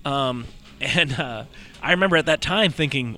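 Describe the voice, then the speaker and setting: A man's voice: medium pitch, normal speed, bright, forceful tone. A man co-hosting a casual sports podcast, telling stories and acting out what others said. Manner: storytelling, acts out quotes. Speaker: podcast co-host.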